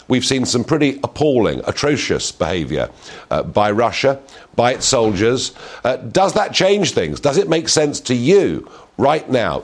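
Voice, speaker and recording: A middle-aged man hosting an opinionated talk show, asking emphatic rhetorical questions. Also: mid-range voice. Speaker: host.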